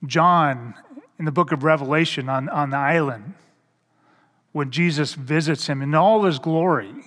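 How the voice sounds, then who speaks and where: A middle-aged man preaching a sermon as a pastor, in a slow, halting way that repeats words and poses rhetorical questions. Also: on the high side, a bit bright. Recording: reverberant hall.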